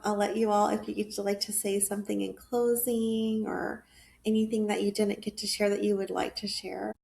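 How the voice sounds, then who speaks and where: A woman hosts a heartfelt podcast interview. She speaks in an earnest, halting way, and her voice has a gravelly fry to it. The room gives her voice a noticeable echo. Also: medium pitch, a little mellow. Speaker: podcast host.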